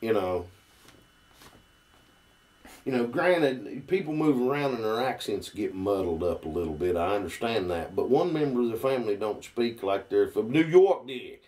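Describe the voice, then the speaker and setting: A man's voice: on the low side, lively intonation, normal speed, darkish tone, distant mic. A man with a Southern US accent, telling stories in a folksy, drawling way in a casual conversation. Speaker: guest.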